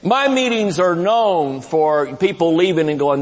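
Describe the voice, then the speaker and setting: Man in his 50s preaching live, jokey and loud at times, high voice that swings all over, long church reverb. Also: moderate pace, few pauses. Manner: humorous, lively preaching with laughs and shouted lines. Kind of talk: live conference sermon. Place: large church sanctuary.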